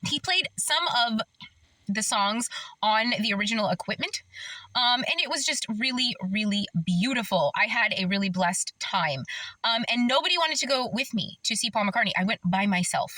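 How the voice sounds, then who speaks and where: A woman's voice: a little high, expressive, moderate pace, sharp tone, dry recording, poor audio. A woman from Las Vegas talking to camera in an earnest, emphatic, chatty way. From Las Vegas, Nevada, USA. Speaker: vlogger. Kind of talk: casual talk to camera.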